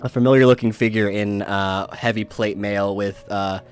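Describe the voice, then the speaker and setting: A man's voice: fairly low pitch, steady tone, moderate pace, clear, resonant tone, faint music behind. A man narrating as game master in a tabletop game, rambling through scenes with many fillers and restarts.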